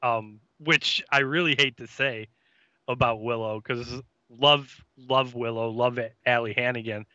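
Podcast guy talking through an episode, bright tense voice, lots of ums, dry dull lo-fi mic. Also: medium pitch, fairly even intonation, measured pace, no room sound. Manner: chatty, hesitant, many fillers and voiced quotes. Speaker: podcast co-host. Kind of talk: casual recap chat.

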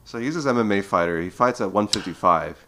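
Deep-voiced young man, chatty guest. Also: fast talker, a crowd in the background. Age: 20s. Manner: lively storyteller, heavy filler "like". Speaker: podcast guest. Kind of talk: casual chat.

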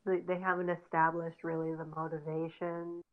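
A woman's voice: low voice, little pitch movement, moderate pace. A woman co-hosting a casual podcast, talking in a rambling, opinionated way with lots of fillers. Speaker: podcast co-host. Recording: tinny phone-like line.

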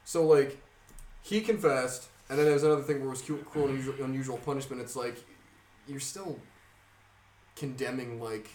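Picked up from a little way off the mic in a roomy space with slight background noise, a young man tells a story in casual podcast chat. His mid-range voice is brisk and pauses often, and he swears a lot and laughs frequently as he animatedly spins the tale.

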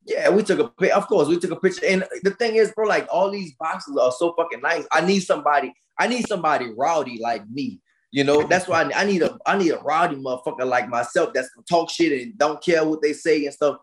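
A man's voice: a little high, quick pace. Rowdy, profane man talking boxing. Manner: rowdy, profane, slangy storytelling. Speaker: boxer guest. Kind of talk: casual podcast interview.

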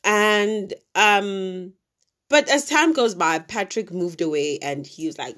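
A woman's voice: mid-range voice, lively intonation, slow, fairly bright tone. A woman from Africa, casually retelling a true crime story with many fillers and asides.

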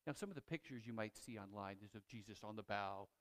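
A man preaching a sermon, retelling a story with lively, animated delivery that swings between loud and hushed, with frequent restarts. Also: on the low side, fast. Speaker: pastor.

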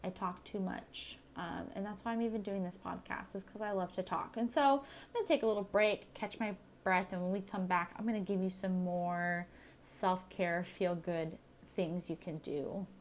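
A woman's voice: fairly low pitch, fairly even intonation, normal speed, a little hiss or hum. A young adult woman hosting her own podcast, chatting casually in a rambling, self-deprecating way. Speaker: podcast host. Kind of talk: casual solo podcast chat.

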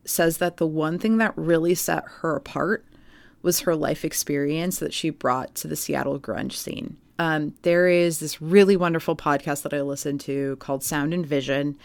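A woman with a notably low voice tells a story on a podcast in a relaxed, chatty way, full of "like" and "um". The sound is close and dry, with no room around it. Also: normal speed, gravelly, dry recording. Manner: chatty storytelling with many fillers. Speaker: podcast co-host. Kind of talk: casual podcast chat.

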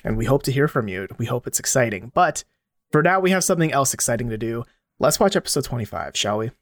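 A man's voice: mid-range voice, very animated, fast, no room sound, studio quality. A man hosting a casual podcast, upbeat and playful as he opens the show. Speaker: podcast host.

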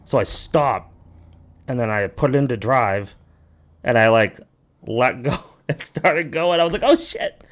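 Young New man, casual podcast co-host, animated storyteller who swears freely and jumps into voices for quotes. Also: medium pitch, measured pace, long pauses.

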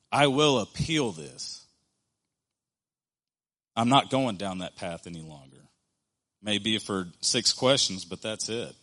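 A man's voice: lowish voice, pushed and bright. Earnest man preaching a sermon. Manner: earnest, conversational, with slow emphatic pauses.

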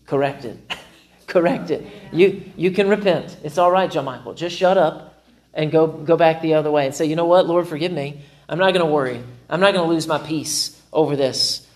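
A man preaching from the pulpit with a voice that sits a little higher than most men's. He is animated and playful, and often voices his own inner thoughts with self-mocking humor. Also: normal speed. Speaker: pastor. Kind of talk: sermon.

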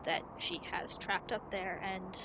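A woman narrating a tabletop game as game master, quick and full of fillers. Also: medium pitch, fairly even intonation, background noise.

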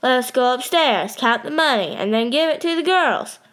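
Woman doing a sneaky old fake-duke guy, plotting, a bit high, storybook. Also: expressive, moderate pace, fairly bright tone. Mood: scheming. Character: scheming older male con man calling himself a duke.

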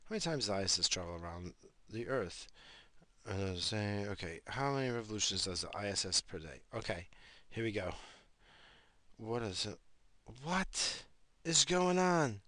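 A man's voice: on the low side, lively intonation, normal speed, pauses often, pushed and bright, dry recording. A man hosting a casual talk show, ranting in a crude, rambling way and swearing constantly. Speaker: podcast host. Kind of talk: casual profane rant.

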